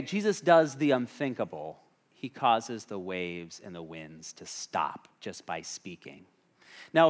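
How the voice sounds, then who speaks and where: A man preaching a sermon as a pastor, talking conversationally and asking the congregation questions. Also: mid-range voice.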